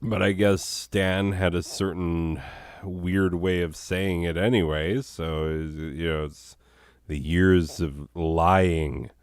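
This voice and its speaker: A hoarse, sick man hosting a comedy show, rambling in a deadpan way with chuckles and coughs. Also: low-pitched, slow, no echo, studio quality.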